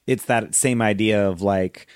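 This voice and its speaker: A man guests on a podcast and talks in long, rambling stretches, dropping "like" into nearly every phrase. His voice sits fairly low. The recording is dry and close. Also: steady tone, a little slow, clear, resonant tone, no room sound. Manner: rambling, constant "like" fillers. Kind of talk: casual chat.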